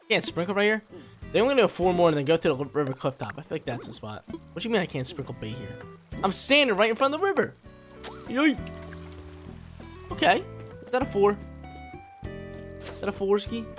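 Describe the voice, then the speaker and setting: Young male gaming host, slangy, animated, pitch all over the place, light music bed. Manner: excitable, slangy, bursts into loud yelps. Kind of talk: casual gameplay commentary. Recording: faint music under voice.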